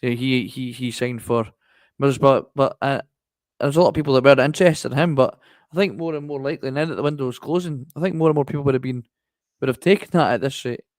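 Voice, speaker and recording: A man on a football podcast video call, rambling with restarts and sounding frustrated. His pitch sits in the middle range. The recording is dry and close. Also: quick pace, dry recording. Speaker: podcast co-host.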